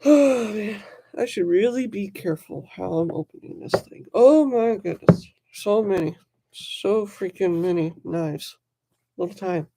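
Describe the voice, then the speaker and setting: A knife collector chatting casually on a livestream, excitable and rambling, talking to viewers in the chat by name. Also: medium pitch.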